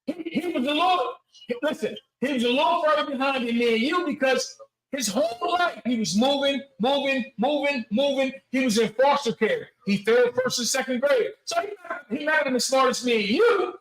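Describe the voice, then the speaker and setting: A man's voice: very high voice, animated, normal speed, a bit bright. A man co-hosting a podcast, arguing bluntly and skeptically in a heated casual debate. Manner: blunt, skeptical interjections, swearing. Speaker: podcast co-host. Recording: echoey room.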